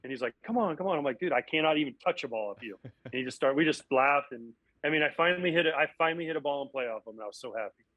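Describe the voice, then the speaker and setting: A man, a former baseball catcher and broadcast analyst, telling animated stories from his playing days in a casual interview, often acting out what people said. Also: mid-range voice, racing, dry recording, muffled recording. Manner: animated, acts out quotes.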